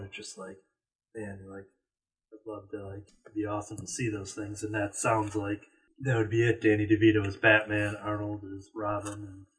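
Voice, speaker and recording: A man co-hosting a casual podcast from a store, rambling with lots of fillers. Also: lowish voice. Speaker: podcast co-host. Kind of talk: casual chat. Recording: distant from the mic.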